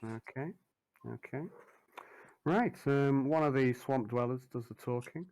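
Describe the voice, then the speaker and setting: A man's voice: mid-range voice, a little slow, a little mellow, clear, resonant tone, low-quality recording. A man narrating a tabletop game as game master, hesitant with many fillers.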